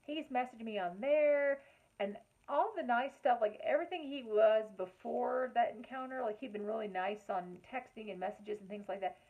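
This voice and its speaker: A woman telling a personal story in a casual, chatty vlog, with lots of fillers and an animated way of retelling conversations. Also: on the high side, normal speed, phone-quality sound. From Lexington, Kentucky. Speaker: vlogger.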